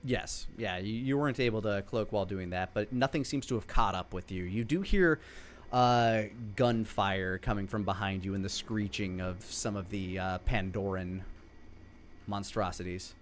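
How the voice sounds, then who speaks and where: A man's voice: fairly low pitch, normal speed, slight background noise. A man running a tabletop horror game as game master, describing scenes loosely with fillers and restarts.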